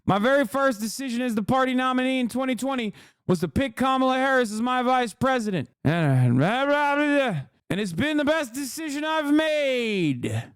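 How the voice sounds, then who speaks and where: A man putting on a folksy elderly male politician, slow and earnest in a mock-sincere address. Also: very high voice, big pitch swings, clear, resonant tone, no echo, studio quality, pitched above the performer's own voice.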